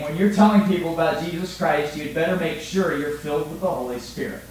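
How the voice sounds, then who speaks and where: A male pastor preaching a sermon emphatically, asking his congregation questions and swinging between loud and soft delivery. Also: on the high side, brisk, few pauses, heavy reverb, slight background noise, poor audio.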